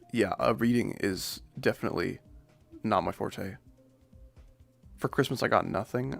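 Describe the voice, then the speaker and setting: A man's voice: lowish voice, gravelly. A man streaming casual gaming commentary, rambling and joking at his own expense. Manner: rambling, jokey, self-deprecating.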